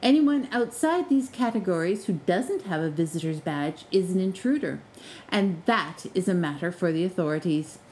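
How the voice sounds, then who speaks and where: A woman's voice: fairly low pitch, normal speed, slight background noise, natural voice, rough recording. A woman voicing a male house spirit working as a college porter, formal and dryly polite. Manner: formal, deadpan, sly.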